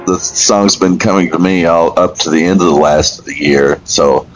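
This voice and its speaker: A man's voice: deep voice, normal speed, faint music behind, low-quality recording. A man in his sixties co-hosting a podcast in casual, easygoing chat, often chuckling and teasing. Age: 60s. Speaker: podcast co-host, ministry founder.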